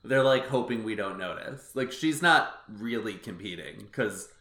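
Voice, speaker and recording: A man's voice: fairly low pitch, expressive, measured pace, pushed and bright, reverberant. A man hosting a casual podcast chat, rambling and correcting himself as he goes. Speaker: podcast host.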